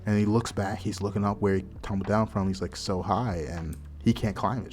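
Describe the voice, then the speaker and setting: A man's voice: fairly low pitch, steady tone, brisk, darkish tone. A man casually retelling a horror manga's plot, adding his own asides along the way. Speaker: manga reviewer. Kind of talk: casual storytelling recap.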